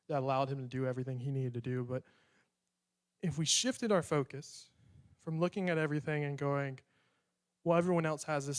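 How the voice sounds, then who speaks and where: A young man preaching a sermon in a conversational way, acting out prayers and bits of dialogue. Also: medium pitch.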